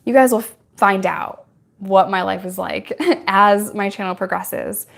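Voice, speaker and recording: A woman's voice: mid-range voice, fairly even intonation, measured pace, gravelly. A young woman talking straight to camera, answering questions from her viewers. She is candid and chatty, laughs often, and speaks in an ordinary mid-range voice. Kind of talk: casual Q&A chat.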